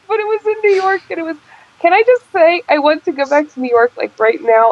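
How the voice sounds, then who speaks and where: A high-voiced woman with a Baltimore accent chats and gushes on a casual podcast. The audio is muffled and lo-fi, like an amateur online recording. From Baltimore, USA. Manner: chatty, gushing, quick laughs. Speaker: podcast co-host. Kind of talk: casual group chat.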